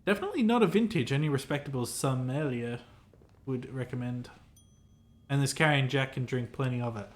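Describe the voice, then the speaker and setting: A man's voice: mid-range voice, fairly quick, slight background noise, natural voice. A man voicing a pompous, self-important male hotel clerk in a game, reading the lines aloud in a formal, fussy, theatrical manner.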